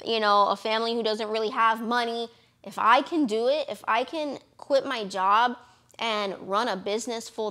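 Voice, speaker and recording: A woman's voice: fairly high pitch, fairly bright tone. A young woman from Florida, a lash business owner, talking casually and encouragingly to camera with lots of fillers. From Florida, USA. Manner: chatty, encouraging, many fillers.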